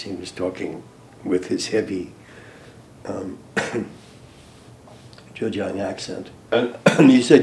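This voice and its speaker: An older American man, a former diplomat, recalling events in an interview, hesitant with many ums and restarts, trailing off softly at phrase ends. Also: fairly low pitch, takes it slowly, gravelly. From United States. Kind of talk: interview recollection.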